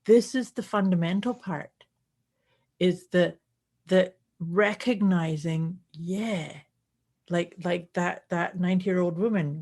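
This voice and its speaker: A woman's voice: lowish voice, slow, darkish tone. A woman co-hosting a casual podcast chat, affirming and agreeing readily. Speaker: podcast co-host.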